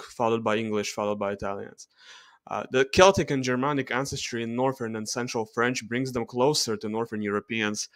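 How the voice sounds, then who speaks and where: A man with a Russian accent talks through charts in a halting voice-over. He keeps stopping on "uh" and fixing his own words. His voice sits in a middle pitch and sounds dry and close, with no room around it. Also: fairly bright tone, no room sound. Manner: hesitant, frequent uh fillers and self-corrections. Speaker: genetics video creator.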